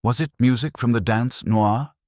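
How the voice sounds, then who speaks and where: A man voicing a calm male detective who asks short, measured questions. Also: mid-range voice, no echo, studio quality, pitched above the performer's own voice, natural voice. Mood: probing.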